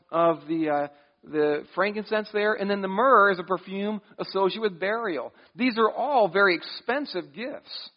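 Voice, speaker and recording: A man with a notably high voice preaches a sermon as pastor. He talks conversationally, restarting phrases and slipping into quoted asides. The sound is dull and lo-fi.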